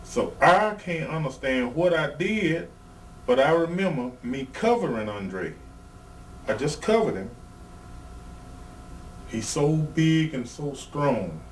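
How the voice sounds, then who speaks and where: His voice is a little high and expressive, slow, with long pauses. He's a retired pro wrestler guesting in a casual interview, bluntly rambling through profanity-laced tales of his time in the ring, recorded on a distant mic with faint noise behind.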